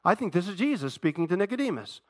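A man preaching a sermon, rising to loud emphatic peaks, then dropping to low quiet asides, repeating phrases for emphasis. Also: very animated, quick pace, dry recording, clean studio sound. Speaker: pastor.

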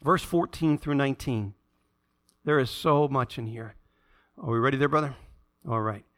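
A man's voice: fairly high pitch, a little fast. A man pastor preaching a sermon, reading scripture aloud and mixing in conversational asides and stories, building to emphatic peaks.

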